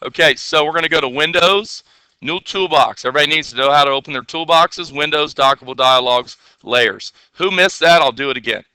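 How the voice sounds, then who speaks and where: A male teacher runs a classroom lesson on software, speaking casually and fairly quickly, repeatedly checking in with students, asking the class questions, and adding playful asides. His voice sits a little high and is very bright, clean, clear, and resonant. The recording is dry and close, with no echo.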